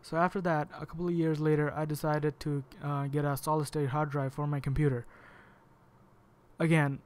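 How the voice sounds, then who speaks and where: A man's voice: on the high side, level tone, moderate pace. A man ranting angrily at home, swearing often and sounding exasperated. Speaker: vlogger. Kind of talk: angry rant to camera.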